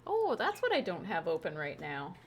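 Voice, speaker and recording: A woman's voice: fairly low pitch, wildly swooping pitch, normal speed, a little hiss or hum. A woman chatting casually on a live game stream through a wireless headset, bubbly and talkative, cooing now and then at her pet.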